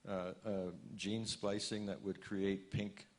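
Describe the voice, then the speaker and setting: A man with a fairly low voice interviews an author on a conference stage. He asks halting questions and often restarts his sentences. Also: little pitch movement. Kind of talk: conversation on stage.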